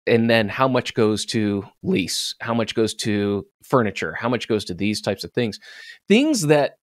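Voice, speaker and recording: Lively enthusiastic male podcast host. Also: fairly low pitch, a little slow, no room sound, studio quality. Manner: enthusiastic, laughs often. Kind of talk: casual interview chat.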